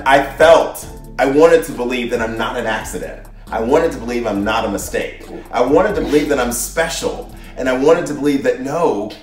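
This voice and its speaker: A middle-aged man earnestly telling his personal story to his daughter in a relaxed conversation, reflective and often restarting his sentences. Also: mid-range voice, distant mic. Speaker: guest, the host's father. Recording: echoey room, voice off-mic, faint music behind.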